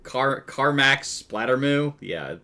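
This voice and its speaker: A man running a tabletop game as game master, chatty and loose in his narration and quick to laugh. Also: mid-range voice, expressive, pushed and bright.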